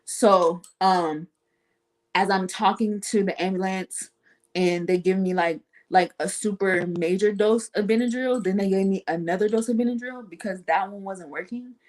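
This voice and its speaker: A woman's voice: medium pitch, normal speed. A woman guest on a talk show, telling a personal story casually and acting out the voices of the people in it. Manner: animated, acts out quoted voices.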